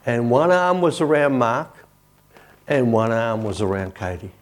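A man's voice: mid-range voice, big pitch swings, a little slow. A male pastor giving a sermon and a prayer while kneeling, telling a story in a conversational way with frequent "you know".

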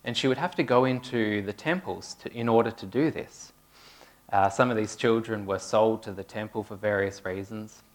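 A man's voice: lowish voice, moderate pace. A man giving a conversational sermon, asking his congregation questions as he goes. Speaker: preacher. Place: church hall with a congregation.

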